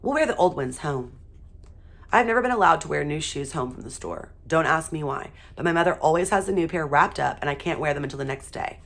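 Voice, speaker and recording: A woman teacher reading a children's chapter book aloud in a steady, expressive way. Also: deep voice, fast talker, gravelly, few pauses.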